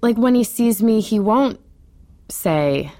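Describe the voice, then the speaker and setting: A woman telling a personal story in a radio interview, chatty and animated, with many fillers and frequent laughs. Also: a little high, takes it slowly, dry recording.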